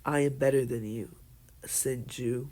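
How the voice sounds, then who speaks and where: A man's voice: mid-range voice, fairly even intonation, measured pace, a little mellow, natural voice. A man voicing a proud, elitist teenage boy ninja who speaks in an indignant, raised voice.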